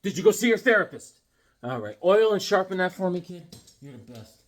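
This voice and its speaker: A man hosting a comedic unboxing vlog, rambling through jokes and stories with animated outbursts. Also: high voice, brisk. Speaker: comic book vlogger.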